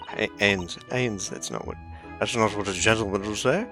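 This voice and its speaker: Wry gravelly let's-play man. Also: lowish voice, normal speed, over music. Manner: wry, laughing asides. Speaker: let's play host voicing the game. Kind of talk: casual gameplay commentary.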